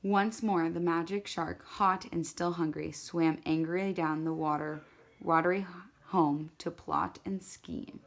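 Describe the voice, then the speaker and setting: A woman tells a children's tale aloud in a lowish, even voice. Her telling is lively and repetitive, with little slips and restarts along the way. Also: measured pace, creaky. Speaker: storyteller. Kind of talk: storytelling to an audience.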